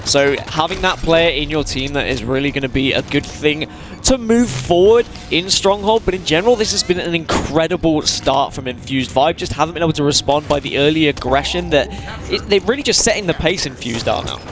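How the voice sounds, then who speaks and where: A man's voice: on the high side, a little fast. A man doing esports analysis, reeling off win rates and statistics. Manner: reels off statistics. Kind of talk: stats-focused esports commentary.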